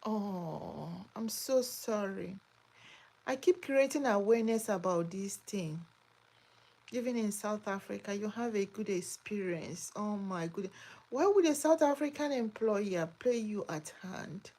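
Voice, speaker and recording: A woman's voice: mid-range voice, moderate pace, darkish tone. A woman hosting a live chat from home, answering viewer comments with emphatic, exclamatory talk that keeps repeating itself. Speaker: migration advice channel host. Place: home in Australia.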